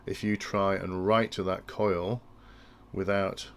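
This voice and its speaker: Low-voiced man with gravelly tone. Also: little pitch movement, takes it slowly, a bit bright. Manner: thinking aloud with frequent restarts. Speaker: instructor explaining industrial control. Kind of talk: technical tutorial walkthrough.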